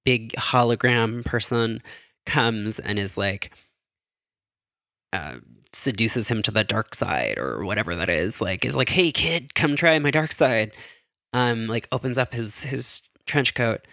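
A man's voice: lowish voice, measured pace, creaky, pushed and bright, dry recording, clean studio sound. A man hosting a casual solo podcast, recapping film scenes in a rambling, chatty way, full of fillers and self-corrections. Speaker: podcast host.

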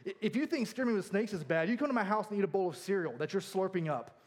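A man with a fairly high voice delivers a sermon from the pulpit. He keeps it light and jokey, pokes fun at himself and laughs easily as he moves between stories and scripture. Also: expressive, fast talker. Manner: jokey, self-deprecating, laughs often. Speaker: pastor. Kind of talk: humorous sermon.

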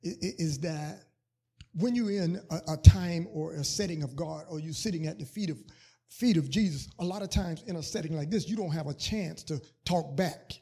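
A man's voice: fairly high pitch, moderate pace, dark tone, husky. A man preaching a sermon as pastor, repeating words and building to fervent, sung emphasis on scripture.

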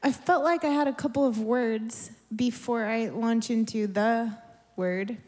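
A woman preaching in a charismatic church service, delivering prophetic words with impassioned, repetitive phrasing that builds to shouts. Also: fairly high pitch, a little slow. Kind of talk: charismatic sermon. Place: church service in a warm room.

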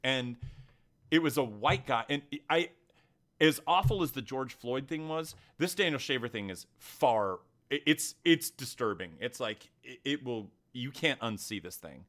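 A man's voice: medium pitch, measured pace. A man co-hosting a podcast, talking in a heated, emphatic way during a casual discussion. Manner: animated, emphatic, heated storytelling. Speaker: podcast co-host.

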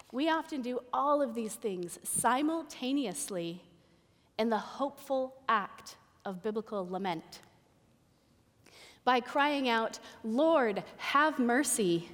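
A woman preaching a sermon in a church. She speaks in slow, deliberate phrases with emphatic pauses. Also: on the high side, in a large hall. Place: church sanctuary. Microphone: pulpit microphone with feedback.

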